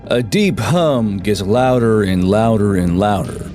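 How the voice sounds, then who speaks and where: A man narrating an animated sci-fi short in an even, descriptive way. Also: lowish voice, slow, over music. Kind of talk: scripted narration.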